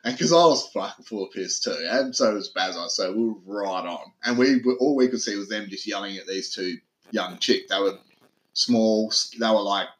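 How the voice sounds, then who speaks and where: A young man telling a story on a casual podcast. He talks in a lively way, swears a lot and acts out what people said loudly. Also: fairly low pitch, normal speed. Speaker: podcast host. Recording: echoey room.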